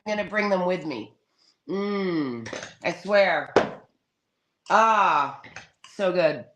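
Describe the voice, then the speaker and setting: A woman's voice: lowish voice, expressive, slow, background noise. A woman hosting a casual live stream, dramatic and swearing freely, calling everyone darling.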